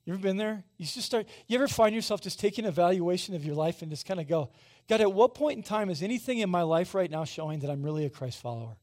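Brief: man in his forties, pastor preaching in church, talks to the congregation conversationally, slightly higher voice. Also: lively intonation, fast, few pauses, a little mellow. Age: 40s. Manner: conversational, asks the congregation questions. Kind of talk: sermon. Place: church sanctuary.

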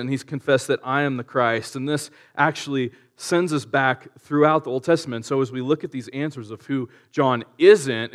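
A male pastor preaching in a relaxed, conversational way, using slang and asking the audience rhetorical questions. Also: mid-range voice. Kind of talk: conversational sermon.

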